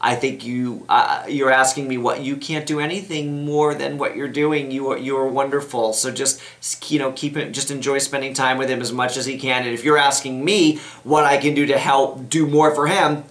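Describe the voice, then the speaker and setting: This advice-show host speaks at medium pitch with fairly even intonation, a fairly bright tone, and a moderate pace with few pauses, and the recording is reverberant. Reading out letters from viewers, he responds casually and rambles, frequently breaking off and starting sentences over.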